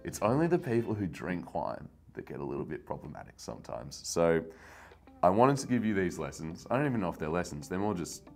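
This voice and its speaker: A young man talks straight to camera in a rambling, self-mocking rant that keeps climbing into exasperation. His voice sits a little low, and soft music plays faintly behind him. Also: very animated, a little fast. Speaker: wine channel host.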